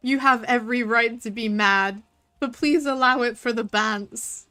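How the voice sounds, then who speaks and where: A woman's voice: a little high, a little slow, pushed and bright. A woman with a Devon accent, streaming a game and chatting in a giggly, rambling way. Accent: Devon English. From Southwest England. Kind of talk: casual gaming commentary.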